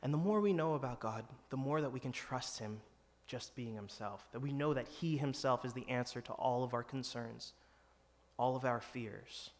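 A man's voice: medium pitch, normal speed. Guy preaching a sermon, chatty but earnest, mid voice, big echoey hall. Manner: earnest, conversational preaching with dramatic quoted lines. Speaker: pastor. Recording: long hall reverb.

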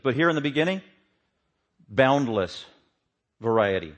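A man's voice: medium pitch, fairly quick. Emphatic male pastor preaching. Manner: emphatic, swings from loud to hushed. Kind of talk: sermon.

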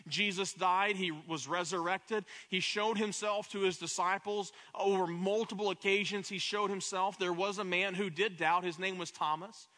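A man's voice: sits high, steady tone, normal speed, hardly any pauses, sharp tone. A man preaching a sermon as pastor, impassioned, often repeating words as he builds up.

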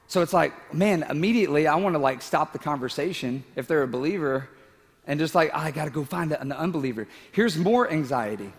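Male pastor, slightly high voice, emotional storyteller, large echoing hall. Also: expressive, a little fast. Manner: emotional, tearful at times, laughing asides. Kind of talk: sermon with personal story.

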